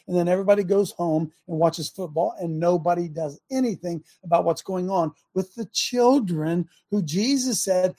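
Guy preaching on his talk show, fired up, yells to make a point. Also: high voice, normal speed, few pauses. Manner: fiery, preachy, shouts for emphasis.

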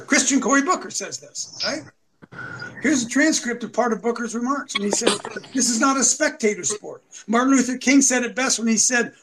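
High-voiced preachy man host. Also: poor audio. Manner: preachy, mocking, rising to shouts. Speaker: show host. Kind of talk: combative political commentary.

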